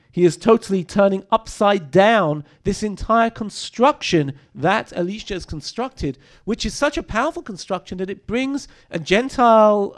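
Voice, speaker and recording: A man with a fairly high voice leads a text study class. He reads lines of scripture aloud, then unpacks them with quick rhetorical questions. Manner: animated, reads Hebrew verses and explains them, asks rhetorical questions. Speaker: Bible teacher.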